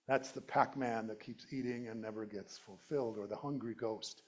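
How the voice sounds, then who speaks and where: A man's voice: mid-range voice, fairly even intonation, brisk, hardly any pauses. A middle-aged male minister giving a conversational, playful sermon and laughing at his own jokes. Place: church sanctuary.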